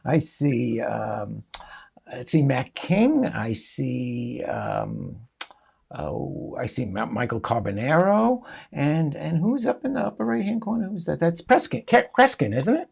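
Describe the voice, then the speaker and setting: A man hosting an interview, chatting in a friendly, rambling way with halting restarts. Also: medium pitch, sing-song, vocal fry, darkish tone, husky. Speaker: podcast host. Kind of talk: casual interview chat.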